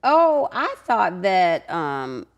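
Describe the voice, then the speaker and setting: A woman's voice: lowish voice, very animated, very slow, muffled recording. A woman guest in a casual chat, reacting with laughs and teasing remarks.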